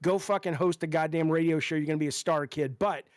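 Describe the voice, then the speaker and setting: A man's voice: a little high, quick pace, no echo, studio quality. A man co-hosting a live online show who barges in with brash, profane, mock-scolding banter. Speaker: co-host of a rival online show. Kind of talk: casual live-stream banter.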